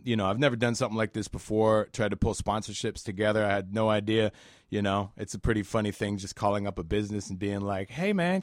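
A man's voice: lowish voice, no room sound. Laid-back man in a dry studio. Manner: relaxed, rambling with fillers. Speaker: guest musician and festival organizer. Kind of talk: casual radio interview.

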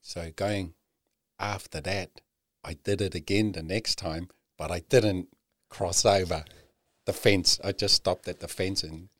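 A man with a very low voice tells his own story in an earnest, unpolished way. He swears freely and keeps circling back with "you know" and false starts. The sound is dry and close, with no room around it. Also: fairly even intonation, unhurried, a bit bright, no room sound. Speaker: guest. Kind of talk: candid personal storytelling.

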